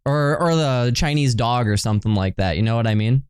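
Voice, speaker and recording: A man streaming video games and chatting casually, excitable, laughing often and swearing as he reacts. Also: mid-range voice, brisk, clear, resonant tone, no echo, studio quality. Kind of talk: casual livestream chat.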